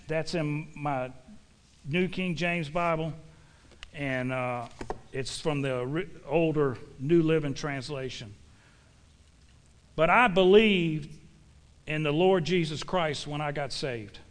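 Preaching to his congregation, this man speaks slowly and pauses often, his voice fairly high for a man. He is folksy and emphatic in his sermon, using homespun sayings to hammer home every point.

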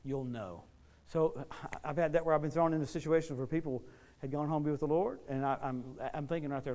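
A middle-aged American man preaching and telling stories, swinging between loud outbursts and hushed asides. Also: on the high side, steady tone, a little fast. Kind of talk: sermon storytelling.

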